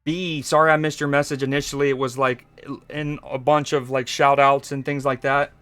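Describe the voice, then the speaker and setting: A man's voice: medium pitch, flat delivery, moderate pace, fairly bright tone, clear, resonant tone, no echo. A man from Georgia, casually chatting with viewers and joking while he streams a card game. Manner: laid-back, joking, chatting with chat while playing. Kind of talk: casual live-stream chat.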